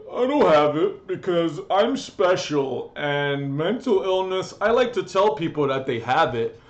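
A rambling, foul-mouthed male vlogger. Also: mid-range voice. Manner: profane, joking, rambling, shifts between loud and hushed. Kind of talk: casual rambling vlog monologue.

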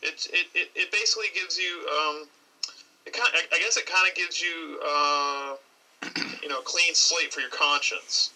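A man explaining something in a casual discussion, halting and restarting often. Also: a little high, bright, forceful tone, recorded from a distance, poor audio. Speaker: discussion participant.

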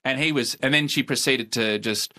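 Dry, laconic Australian man with a bright voice. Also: mid-range voice, moderate pace. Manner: laconic, dry, wry delivery with chuckles. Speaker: comedian guest. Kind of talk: casual storytelling interview.

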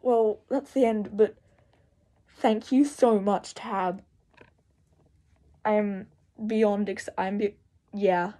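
A teenage girl from Australia unboxing a mask, gushing and breathless, shaky with excitement and swearing often. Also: mid-range voice, takes it slowly, long pauses, poor audio. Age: teens.

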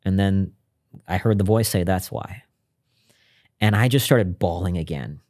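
A man's voice: sits low, moderate pace, a little mellow. A man speaking as a podcast guest, telling a personal story in an earnest, reflective way with frequent restarts.

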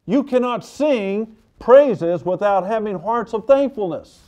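A man's voice: high voice, lively intonation, takes it slowly, a little mellow. A male pastor delivering a sermon in a fervent, conversational way, repeating key points for emphasis.

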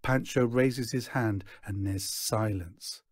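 A man reading a children's novel aloud in slow, measured narration. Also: on the low side, no echo, clean studio sound. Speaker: reader. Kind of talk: storybook read-aloud.

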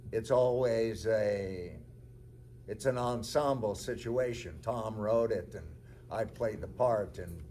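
An older man, an actor, answers a film Q&A in a halting, reflective way. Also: on the low side, darkish tone, slight background noise. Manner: halting, searching for words. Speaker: actor, panel guest. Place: movie theater stage.

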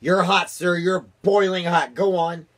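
A father doing a scheming chief spy with a squeaky falsetto, his voice jumping up high and loud, playful and sly, as a storybook figure read at bedtime, with a slightly husky edge underneath. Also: lively intonation, normal speed. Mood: sly, teasing.

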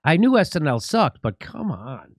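A middle-aged man hosts a political talk show in a sarcastic, mocking tone. His deadpan jokes land in a dry, close studio sound with no room echo. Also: on the high side, moderate pace. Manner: mocking, deadpan jokes, laughs at own lines. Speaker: host.

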